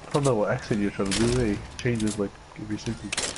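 A woman's voice: a bass voice, steady tone, quick pace. A woman in a gaming party chat, teasing and mocking her friends. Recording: game noise over voice chat.

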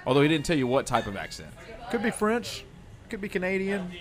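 A man's voice: high voice, big pitch swings, fairly quick. A man hosting a podcast quiz game, teasing the players and laughing often. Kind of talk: casual banter.

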